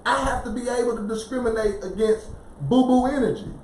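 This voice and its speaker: Animated man asking "you see?". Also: very high-pitched, brisk, reverberant, slight background noise, rough recording. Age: 40s. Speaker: podcast co-host. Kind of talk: casual spiritual discussion.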